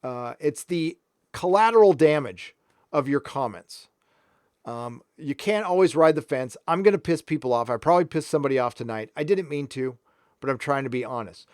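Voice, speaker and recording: A man's voice: on the high side, lively intonation, moderate pace, a little mellow, clear, resonant tone, dry recording, studio quality. A man from San Diego hosting a live stream, talking frankly and rambling as he reads out viewer comments. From San Diego, California. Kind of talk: casual live stream chat.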